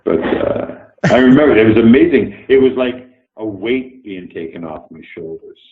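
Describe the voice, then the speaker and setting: A man's voice: lowish voice, lively intonation, normal speed. An older man from Canada, telling blunt, swear-laced anecdotes as an interview guest. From Canada, Toronto. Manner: blunt, swears freely, acts out quoted dialogue, chuckles through stories. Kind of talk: storytelling anecdotes in a remote interview. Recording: echoey room over a tinny phone-like line.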